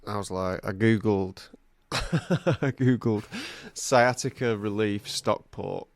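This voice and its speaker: A man's voice: on the low side, takes it slowly, creaky, dry recording. A man co-hosting a podcast in casual, self-mocking chat, laughing often. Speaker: podcast co-host.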